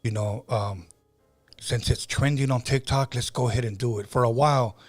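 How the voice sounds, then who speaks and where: A man's voice: medium pitch, steady tone, moderate pace. Man, middle-aged, podcast host, mid-range voice, casual chatty storytelling, faint music underneath. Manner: conversational storytelling with frequent fillers and restarts.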